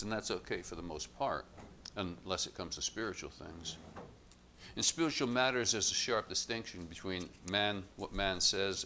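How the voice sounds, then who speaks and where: A man with a low voice preaching a sermon, his tone bright and forceful. He speaks in a measured, emphatic way, leaning into each contrast he draws. Faint background ambience sits behind him. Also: a little hiss or hum. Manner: measured, emphatic contrasts, rising louder on quotes.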